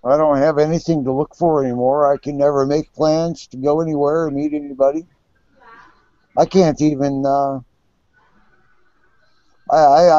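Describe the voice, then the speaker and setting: A bitter, profane man in his fifties with a mellow, dark voice, pitched a little high for a man. He stammers and repeats himself as he talks. The recording is dry and dull, like a lo-fi capture. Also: no echo. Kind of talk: casual chat.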